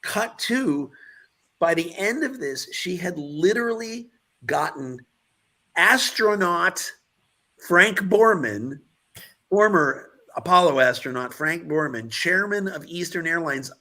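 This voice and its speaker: A man's voice: sits high, animated, takes it slowly, sharp tone. A man around sixty, a guest filmmaker, telling anecdotes in a casual interview and acting out the voices of the people in them.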